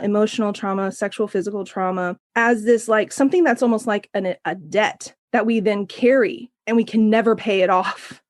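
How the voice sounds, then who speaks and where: A woman in middle age, a recovery coach, speaks as an interview guest. She is earnest and lively, her voice a touch high. The sound is dry and close. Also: dry recording. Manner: earnest, animated storyteller. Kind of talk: interview conversation.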